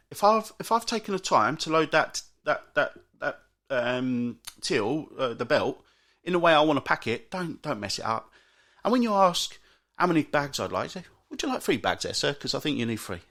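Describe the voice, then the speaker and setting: A British man hosting a solo podcast, grumbling in an exasperated rant with frequent restarts and big jumps in pitch. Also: fairly bright tone. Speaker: podcast host. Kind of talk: solo ranting monologue.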